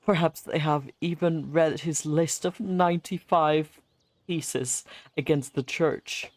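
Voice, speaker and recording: A man's voice: on the high side, steady tone, slow, dry recording, pitched above the performer's own voice. A man reading out the lines of an earnest young male scholar from a historical game, lifting his voice a little.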